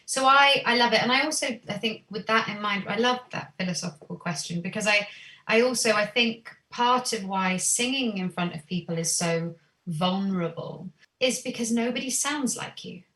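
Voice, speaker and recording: A woman's voice: medium pitch, moderate pace, reverberant, recorded from a distance. A woman singer and singing teacher, a podcast guest, talking in a thoughtful, earnest way about her voice and growing up. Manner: earnest, thoughtful, animated when quoting herself. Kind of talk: reflective interview chat.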